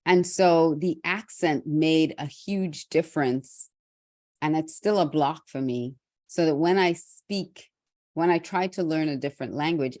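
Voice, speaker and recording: Slow, low-voiced Trinidad-raised woman. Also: dry recording, clean studio sound. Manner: candid, reflective, with restarts and soft laughs. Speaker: host. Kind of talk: motivational talk.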